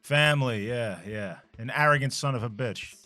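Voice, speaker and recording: A man co-hosting a retro game playthrough, chatting and swearing with animated energy. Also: medium pitch, moderate pace, no room sound, faint music behind. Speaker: co-host playing retro games. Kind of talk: casual gaming banter.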